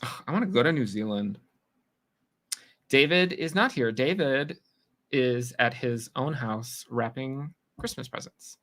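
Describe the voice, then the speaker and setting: Streamer guy from New York, bright tone, chatty and teasing with his viewers. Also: mid-range voice, expressive. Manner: chatty, teasing, quick reactions to chat. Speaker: livestream host. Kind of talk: casual livestream chat reading comments.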